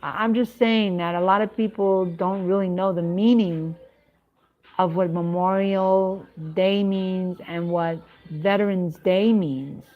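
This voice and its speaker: Slow, halting woman on a livestream. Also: lowish voice, fairly even intonation. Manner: halting, many restarts and fillers. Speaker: livestream host. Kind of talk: casual live-stream talk. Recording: dull lo-fi sound.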